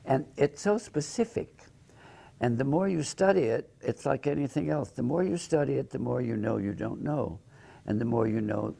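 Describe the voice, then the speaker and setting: An older man, a movement teacher, reflecting in an interview, halting with many repeated words and fillers. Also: mid-range voice, gravelly, dark tone, slightly rough.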